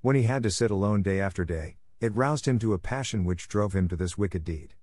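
A gentle, wise old grandmother speaks kindly and patiently, voiced by a man reading a storybook. The voice sits a touch higher than his own low tone, with no room sound at all. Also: fairly quick, dry recording, clean studio sound, close to an everyday voice. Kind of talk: audiobook character voice.

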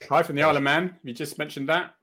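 A man's voice: on the high side, steady tone, quick pace, crowd noise. A man co-hosting a live online chat in a joking, chatty way, easily flustered by technical trouble. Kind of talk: casual live-stream chat.

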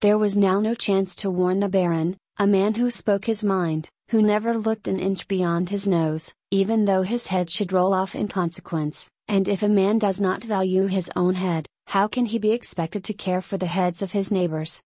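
A woman reads a period story aloud in a steady, even narrator's voice. Her voice sits at an ordinary middle pitch. The recording is dry, with no room echo. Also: moderate pace, hardly any pauses. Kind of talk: audiobook narration.

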